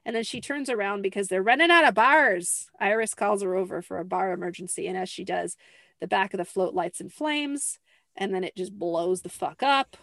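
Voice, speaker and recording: A woman's voice: mid-range voice, moderate pace, creaky, a bit bright, no room sound. A young adult woman hosting a podcast, talking casually and acting out quotes with lots of fillers. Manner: chatty, fills with "like", acts out quotes. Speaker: podcast host. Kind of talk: casual chat.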